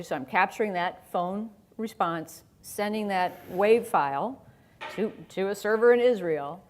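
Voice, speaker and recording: Middle-aged woman, conference speaker, conversational delivery, lowish voice, stage mic. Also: darkish tone. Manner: conversational, chatty, laughs often. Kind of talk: conference presentation.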